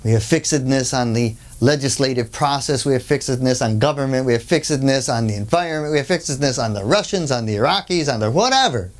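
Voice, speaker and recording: Quick, with few pauses and a medium pitch, a workshop speaker delivers an anecdote in a chatty lecture format. They act out the story's people with animation, tossing in plenty of asides along the way.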